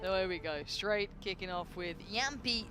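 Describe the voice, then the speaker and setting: A woman commentating a live esports match, quick and chatty with playful banter. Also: mid-range voice. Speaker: esports caster. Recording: broadcast mix with loud music behind.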